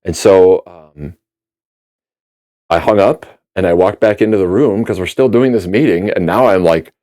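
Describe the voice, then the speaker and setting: Low, mellow-voiced man telling a story. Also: normal speed. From Minnesota. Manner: animated storyteller acting out quoted dialogue. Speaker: musician guest. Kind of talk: storytelling in a podcast interview.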